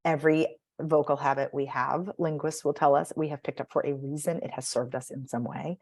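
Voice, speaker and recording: A woman's voice: low-pitched, fairly quick. Woman coach demonstrating speech habits. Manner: animated, demonstrates vocal patterns by acting them out. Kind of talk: podcast guest interview.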